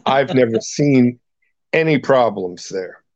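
A man's voice: medium pitch, expressive, slow pace, darkish tone, dry recording, muffled recording. A man from Ireland, a guest priest, telling wry anecdotes in an interview and chuckling often. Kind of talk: storytelling in a podcast interview.

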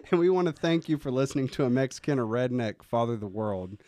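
A man's voice: mid-range voice, moderate pace, dry recording. A man co-hosting a podcast, telling funny family stories in casual chat and laughing often as he talks. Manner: laughs a lot while telling animated stories. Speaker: podcast co-host.

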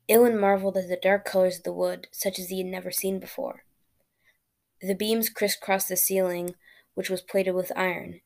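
A woman reading a fairy tale aloud as a storyteller, plain and steady, with small slips and restarts. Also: lowish voice, creaky.

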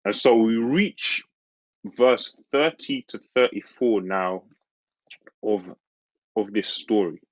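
A man preaching a sermon, earnest and lively, slowing on key phrases. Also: dry recording, lo-fi sound. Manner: earnest, slows on key phrases, laughs and jumps high acting out the disciples.

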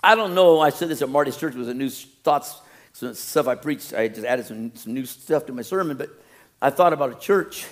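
A man's voice: medium pitch, expressive, fairly quick. A man preaching a sermon as a pastor, telling stories with laughter and acting out other people's voices.

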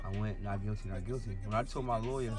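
A man from City, a guest telling animated, slangy stories in an interview. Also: lowish voice, fast, music in the background. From Jersey City, New Jersey. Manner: animated, slangy storytelling with acted-out quotes. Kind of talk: storytelling interview.

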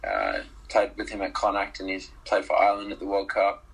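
A young man from Zimbabwe talks rugby as an interview guest, relaxed and full of ums and little laughs. His voice sits a bit low, husky yet bright and forward. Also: fairly quick, low-quality recording. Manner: relaxed, hesitant with many ums, laughs easily. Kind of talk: casual interview chat. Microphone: call.

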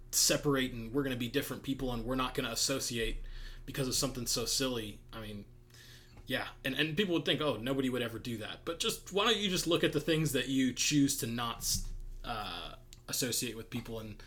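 Bright-voiced man hosting a podcast. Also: mid-range voice. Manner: laughs often, earnest and reflective. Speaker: podcast host. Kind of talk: casual podcast conversation.

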